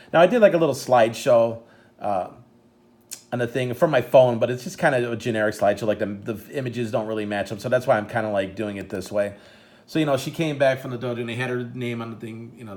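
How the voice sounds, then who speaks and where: A middle-aged man with a Midwestern American accent, chatting as a vlog host, rambling and stumbling with emotion. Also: medium pitch. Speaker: channel host and proud dad. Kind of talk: casual chat showing photos.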